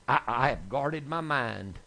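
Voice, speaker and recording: Gravelly preacher telling stories. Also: male voice, mid-range voice, unhurried. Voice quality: gravelly, husky. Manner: folksy storytelling, rising to excited shouts. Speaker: evangelist preacher. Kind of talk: sermon testimony.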